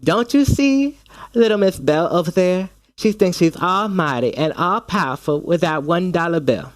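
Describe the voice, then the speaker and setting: A man's voice: high voice, expressive, normal speed, no room sound, voice pushed up. A man playing a sassy Southern drag-queen dame. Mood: catty. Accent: American Southern. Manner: sassy, scornful gossip.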